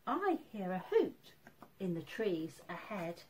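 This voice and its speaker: A woman voicing a big hairy male monster from a picture book, slow and booming. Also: big pitch swings, slight background noise. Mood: menacing.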